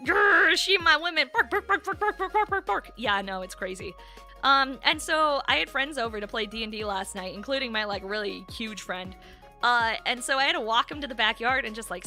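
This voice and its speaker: A woman's voice: a little high, bright, forceful tone. A woman livestreamer chatting casually with viewers, rambling with lots of "like" fillers. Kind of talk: casual chat.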